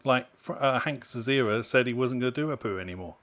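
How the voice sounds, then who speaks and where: A man's voice: medium pitch, fast, a bit bright. A man co-hosting a podcast, talking in an opinionated, emphatic way that builds to exasperated outbursts. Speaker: podcast co-host. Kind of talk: casual chat.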